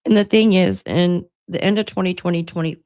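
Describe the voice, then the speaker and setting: A woman's voice: fairly low pitch, a little fast, a little mellow. A woman hosting a casual livestream from home, chatty and laughing often, swearing freely. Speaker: livestream host. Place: at home by her computer.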